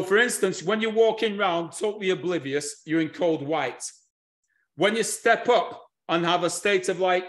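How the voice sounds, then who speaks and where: Energetic male speaker, high-pitched for a man, animated lecturing delivery. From United Kingdom. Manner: energetic, animated presenting with audience tasks. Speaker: history and culture speaker. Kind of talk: lively lecture.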